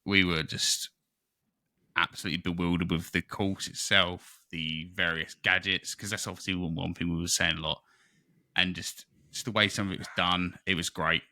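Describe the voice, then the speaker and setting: A man co-hosting a podcast, telling stories in an excitable, rambling way. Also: deep voice, normal speed, dry recording, clean studio sound. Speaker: podcast co-host. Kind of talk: casual chat.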